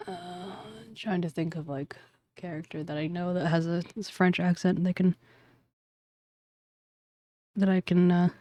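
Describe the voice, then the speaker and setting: A woman's voice: on the low side, little pitch movement, a little slow, pauses often, dark tone, dry recording. A woman streamer chatting casually while playing a game, rambling and thinking aloud. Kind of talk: casual let's-play commentary.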